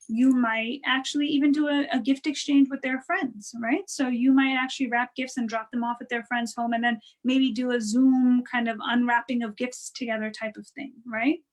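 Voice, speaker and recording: Woman, high-pitched voice, chatty advice-giving, conversational, tags lines with "right?". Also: poor audio. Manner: conversational, frequent "right?" and "you know" tags; acts out quoted voices to show tone. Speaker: guest speaker on parenting and wellness. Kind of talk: casual advice talk.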